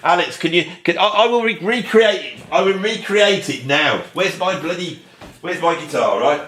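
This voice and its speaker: A man's voice: a little high, lively intonation, normal speed, a bit bright. A man giving ranting, sarcastic commentary on music as a video host. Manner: sarcastic, exasperated.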